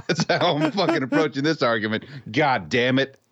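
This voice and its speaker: A man's voice: medium pitch, fairly bright tone, dry recording, dull audio. A man hosting a podcast, joking, swearing and laughing often in casual banter. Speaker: podcast host.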